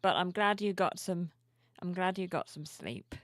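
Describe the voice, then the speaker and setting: A sleepy woman streamer chatting softly and cheerfully with her viewers at home, reading their messages aloud. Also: on the low side, expressive, moderate pace, no room sound, clean studio sound. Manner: soft-spoken, cheerful, reads chat aloud. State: sleepy, yawning. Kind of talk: casual live-stream chat. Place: home room with plushies.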